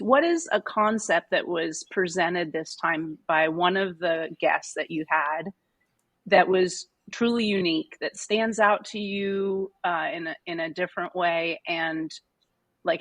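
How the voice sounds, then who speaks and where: Woman hosting a call-in style podcast, lowish voice, upbeat, asks the guys questions. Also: a bit bright. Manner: upbeat, asks questions, talks through fillers. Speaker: guest host. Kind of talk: casual podcast conversation.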